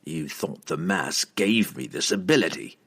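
A man voicing a cold, sneering male assassin who growls his threats slowly. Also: low-pitched, animated, a bit bright, breathy edge, full character voice. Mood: mocking. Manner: growling, slow and menacing.

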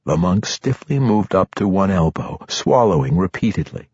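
A man narrating a fantasy audiobook in a steady, measured way. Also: low voice, breathy edge, dry recording. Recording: dull lo-fi recording.

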